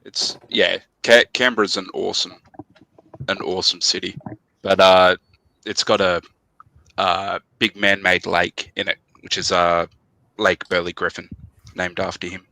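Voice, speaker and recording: A man's voice: sits low, little pitch movement, measured pace, gravelly, long pauses, bright, forceful tone, no echo, rough recording. An Australian man joking and bantering in a casual panel chat.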